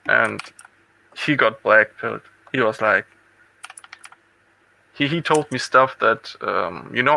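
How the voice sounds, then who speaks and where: Gravelly man from Germany, hesitant. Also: medium pitch, bright, forceful tone, rough recording. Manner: hesitant, repeats words. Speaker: chat participant. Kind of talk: casual group voice chat.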